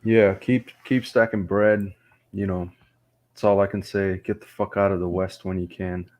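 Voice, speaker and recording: A man's voice: deep voice, level tone, moderate pace, darkish tone. A man speaking as a stream guest in casual chat, hesitant and full of fillers.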